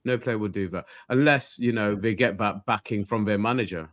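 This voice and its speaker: A man hosting a casual football fan chat, talking in a measured, reflective way. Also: fairly low pitch, fairly bright tone, no echo. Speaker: fan channel host.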